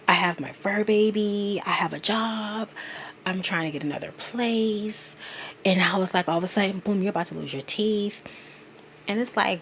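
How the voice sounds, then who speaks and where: Woman, 30s, lowish voice, unhurried and heartfelt vlog confession. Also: slight background noise. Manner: earnest, confiding, emotional. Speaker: vlogger.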